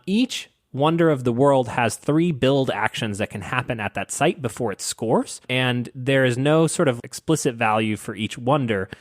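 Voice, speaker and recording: A man co-hosting a casual podcast, explaining a board game in a sarcastic, animated way. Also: mid-range voice, no room sound, studio quality. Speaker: podcast co-host.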